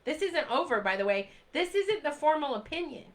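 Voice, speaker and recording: A livestream host in her forties speaks directly to the camera in a high, very animated voice at a brisk pace, over a low-quality recording. Urgent and pleading, she repeats phrases for emphasis and responds to live comments as they come in.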